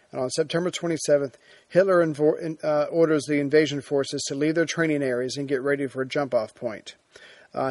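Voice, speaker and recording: Brief: male history lecturer, slightly high voice, relaxed storytelling delivery with ums and restarts, dry close sound. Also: dry recording. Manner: conversational retelling with fillers and restarts.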